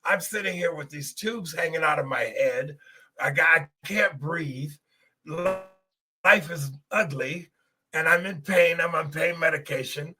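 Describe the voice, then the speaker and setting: A man's voice: a little high, a little slow, pushed and bright, breathy edge. A middle-aged man hosting a podcast, telling a personal testimony in an earnest, emotional way and speaking straight to his listeners. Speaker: podcast host.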